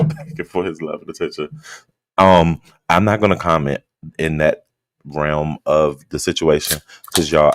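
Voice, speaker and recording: A man hosting a casual late-night livestream, greeting his chat by name in a relaxed, just-woke-up drawl. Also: a bass voice, no echo, clean studio sound. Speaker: livestream host.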